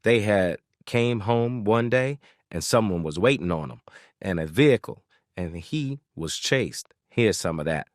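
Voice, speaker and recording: A man's voice: lowish voice, lively intonation, unhurried, no room sound. A man hosting the show, narrating the background of the case in a conversational way. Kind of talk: casual news narration.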